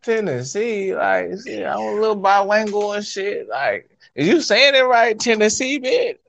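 Profane joking man, animated and high. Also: a little slow, vocal fry. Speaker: podcast co-host. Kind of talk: casual live podcast banter.

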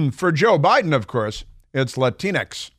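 A man's voice: a little high, sing-song, slow pace, no room sound. A man hosting a talk radio show, delivering a sarcastic, mocking opinion monologue into a studio microphone.

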